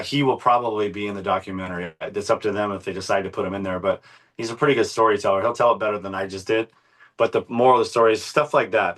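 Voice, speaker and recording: A middle-aged man, an interview guest, telling a story in a casual, passionate way, with plenty of swearing and fillers. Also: fairly low pitch. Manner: profane, passionate, animated retelling with frequent fillers.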